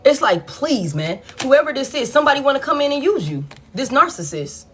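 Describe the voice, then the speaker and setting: A woman's voice: high voice, brisk, slight background noise. A woman giving a casual tarot reading, blunt and profane as she tells it. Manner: blunt, profane, animated storytelling. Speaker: tarot reader.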